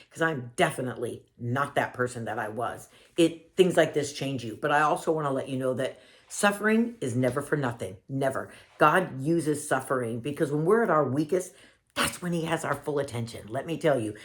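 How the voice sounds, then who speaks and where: A woman vlogger earnestly telling a personal story to her viewers, emotional and warmly addressing them as family. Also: low voice.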